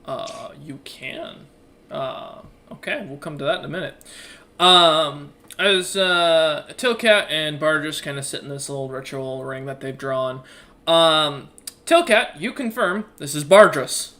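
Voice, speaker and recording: A man running a tabletop game as game master, often pausing with uh and um. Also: fairly high pitch, expressive, pushed and bright. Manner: hesitant, fills pauses with uh and um.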